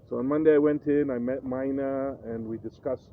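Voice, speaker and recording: A man's voice: medium pitch, normal speed, creaky. A middle-aged man with a Kenyan accent, a guest telling his story in a casual interview, acting out voices as he goes. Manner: animated storyteller who acts out voices. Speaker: guest, radio personality. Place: hotel. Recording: tinny phone-like sound, faint noise.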